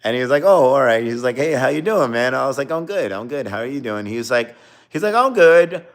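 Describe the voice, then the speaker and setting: A man's voice: mid-range voice, lively intonation, quick pace. A young man casually telling a long anecdote, rambling with many fillers and acting out quoted dialogue. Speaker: streamer. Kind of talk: casual storytelling.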